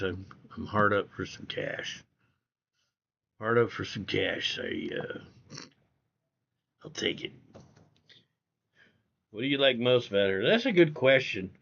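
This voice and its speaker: A man's voice: lowish voice, a bit bright, muffled recording. A man streaming live, reading viewer comments in a blunt, profane way, repeating himself and calling people bro. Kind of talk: casual livestream chat reading viewer comments.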